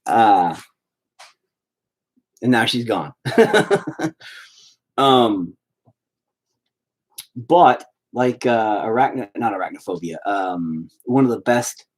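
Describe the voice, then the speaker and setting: A man's voice: on the low side, lively intonation, drawn-out words, long pauses. A man hosting a live stream, chatting casually and rambling, with heavy swearing. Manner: profane, rambling.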